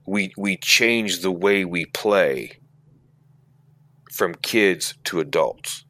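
Low-voiced man in casual podcast chat. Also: very slow, bright, forceful tone. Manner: rambling, restarts, quotes imagined players. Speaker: podcast co-host.

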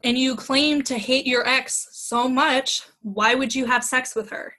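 A woman's voice: high-pitched, fairly even intonation, a little slow, pushed and bright, rough recording. A young woman, a podcast guest, retelling a bad date in casual chat, acting out quoted lines and laughing often.

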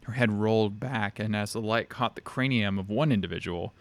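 A man reading a dark fantasy story aloud in a steady, measured way. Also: fairly low pitch. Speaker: narrator.

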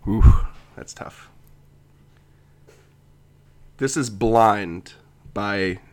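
A laid-back man co-hosting a comedic podcast, dry and wry as he talks. His voice sits on the low side, and he is getting over a cough. He reads aloud in the same easy tone. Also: extremely slow. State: has a lingering cough. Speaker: podcast co-host. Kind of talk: casual comedic chat and reading a poem aloud.

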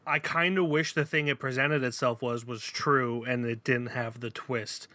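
Bright dry-voiced man reviewing films. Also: medium pitch, fairly even intonation, normal speed, no echo. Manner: talkative, opinionated film reviewing. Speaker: podcast co-host. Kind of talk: casual chat.

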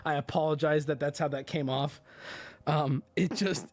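A man's voice: fairly high pitch, steady tone, normal speed, a little mellow. A man hosting a livestream, talking casually and profanely to his chat, often breaking into laughter. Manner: profane, rambling, talks straight to chat. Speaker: livestream host.

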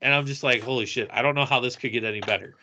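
Man, podcast co-host, bright voice, animated storytelling, acts out quotes. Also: mid-range voice, rapid-fire, lo-fi sound, slight background noise. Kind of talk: casual storytelling.

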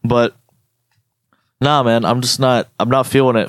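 A young man co-hosting a podcast, ranting and joking in animated, slangy casual chat. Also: mid-range voice, measured pace, no room sound. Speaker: podcast co-host.

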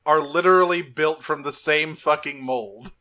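A man's voice: a little high, moderate pace. A man co-hosting a podcast, recapping a cartoon in casual chat, swearing freely and acting out the characters' lines. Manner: profane, animated, acts out characters' lines. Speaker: podcast co-host.

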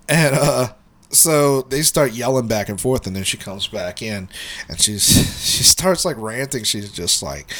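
A male podcast co-host, bothered by allergies, spins a meandering work story in casual conversation, swearing a lot and laughing. His medium-pitched voice is sing-song, pushed and bright, slow-paced with long pauses.

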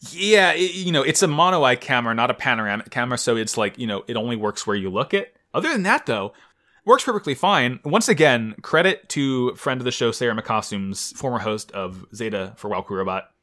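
A man co-hosting a casual podcast, his voice lively and swooping up and down as he jokes through a recap. His tone is bright and forward. He jumps high for emphasis and keeps the banter loose. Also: fairly quick. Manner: animated, jokey, swings his pitch up high for emphasis. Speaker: podcast co-host. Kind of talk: casual chat recapping an anime episode.

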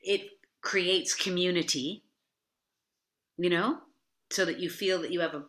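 A woman's voice: on the low side, unhurried. A woman dance teacher as a guest, chatting animatedly and telling stories. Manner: animated storytelling, frequent "you know". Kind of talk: casual interview chat. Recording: roomy echo.

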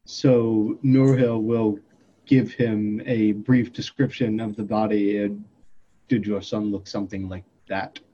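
A man playing a tabletop game, speaking in a hesitant, measured way. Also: on the low side, little pitch movement, dark tone. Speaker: player. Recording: dull mic with faint hiss.

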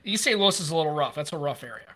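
Fast-talking high bright-voiced man. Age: 50s. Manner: animated storyteller, swears freely. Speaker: former police officer. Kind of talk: casual chat.

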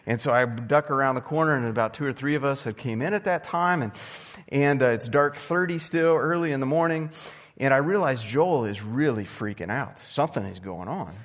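A male pastor giving a sermon in a conversational storytelling manner, swinging between loud emphasis and soft asides. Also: medium pitch, a little fast, in a large hall. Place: church sanctuary.

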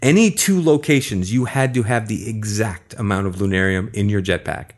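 A man hosting a retro games podcast in casual chat, telling stories in a jokey, animated way. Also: fairly low pitch, normal speed. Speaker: podcast host.

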